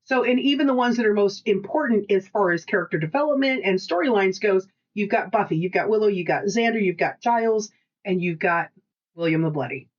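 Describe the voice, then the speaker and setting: A woman with a mid-range voice talks a little fast as she co-hosts a relaxed podcast, telling lively, swear-filled stories and performing the quotes. Highs are missing from the audio.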